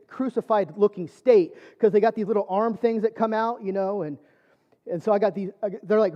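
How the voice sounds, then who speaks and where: Guy preaching his testimony, pretty high voice, rambly storyteller, muffled recording. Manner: conversational storytelling, many fillers. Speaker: church speaker. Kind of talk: personal testimony sermon.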